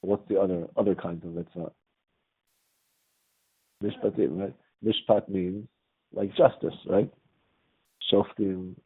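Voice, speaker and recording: Give me a gravelly man teaching a class casually and quizzing his listeners, recorded with thin phone-line audio. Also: sits low, steady tone, slow pace, pauses often. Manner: quizzes the class with frequent "right?". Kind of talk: conversational classroom lecture.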